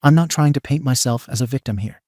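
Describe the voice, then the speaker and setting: A man narrating a story in an even, steady scripted read. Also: medium pitch, fast talker, dry recording, clean studio sound.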